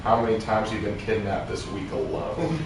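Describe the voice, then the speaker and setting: A man's voice: lowish voice, normal speed. A man chatting along on a game stream, dropping dry teasing remarks. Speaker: co-host in voice chat. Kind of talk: casual gaming banter. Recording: echoey, distant voice, faint noise.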